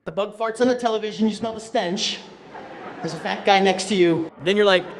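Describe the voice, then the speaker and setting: A man from Brazil telling a stand-up comedy story on stage, animated and bursting into shouted exclamations. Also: sits high, a little fast, a little hiss or hum.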